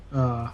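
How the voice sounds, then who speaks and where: A man's voice: mid-range voice, bright, forceful tone, a little hiss or hum. A young man co-hosting a casual gaming podcast, sarcastic and teasing, laughing often. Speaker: podcast co-host.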